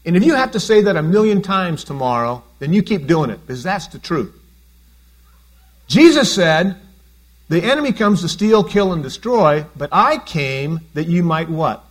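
A man's voice: on the high side, big pitch swings, moderate pace. A man preaching a conversational sermon as a pastor, often asking his congregation questions.

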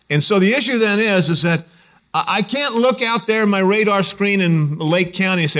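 A man's voice: high voice, lively intonation, brisk, a bit bright. A man preaching a sermon in a conversational, joking storytelling way. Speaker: pastor.

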